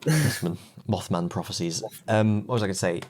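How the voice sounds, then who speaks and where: A man's voice: low-pitched, lively intonation, a little fast, darkish tone, a little hiss or hum. A man co-hosting a podcast, rambling in a wry, joking way and laughing at his own jokes. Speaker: podcast co-host. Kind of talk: casual comedic chat.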